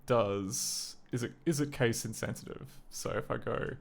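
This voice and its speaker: A man's voice: mid-range voice, unhurried, gravelly. A man livestreaming as he programs, thinking aloud in casual commentary, muttering and correcting himself as he goes. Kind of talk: casual live coding commentary.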